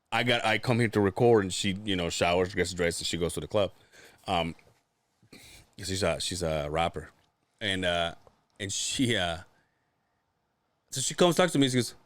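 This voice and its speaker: A man co-hosting a podcast, telling stories in casual chat and swearing freely. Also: no echo. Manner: animated storyteller, swears freely, acts out quotes in a high voice. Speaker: podcast co-host.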